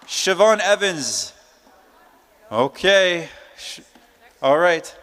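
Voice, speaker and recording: A man with a high, light voice calls out prize winners at a live conference. He speaks in a loose, joking, chatty way. His voice rings with a long reverb from the big hall around him. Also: expressive, measured pace, a bit bright, a little hiss or hum. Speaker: emcee drawing prize winners.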